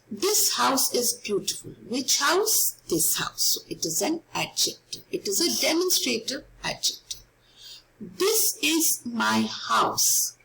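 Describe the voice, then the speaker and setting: A woman's voice: a little high, vocal fry, a bit bright, slight background noise, poor audio. A woman teaching a grammar lesson, explaining step by step and asking and answering her own questions, with phrase endings often fading to a whisper. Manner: voice often trails off into an unvoiced whisper at phrase ends.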